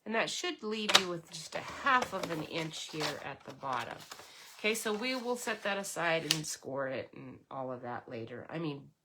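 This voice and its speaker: A woman's voice: low voice, very animated, moderate pace, background noise. A woman casually chatting through a papercraft tutorial, rambling with lots of ums and self-corrections. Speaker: papercraft demonstrator.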